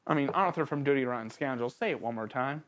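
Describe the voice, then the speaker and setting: A channel host giving a casual, excitable spoken book review, joking around and talking straight to the author and characters. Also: quick pace, a little hiss or hum. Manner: excitable and jokey, with big swings in pitch; addresses the author and characters directly, playful slang.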